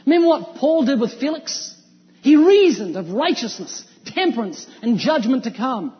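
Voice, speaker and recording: Preaching an evangelistic sermon, a man with a notably high voice presses his points through emphatic rhetorical questions in a sing-song delivery at normal speed. The audio is dull and lo-fi, and a long hall reverb trails each phrase.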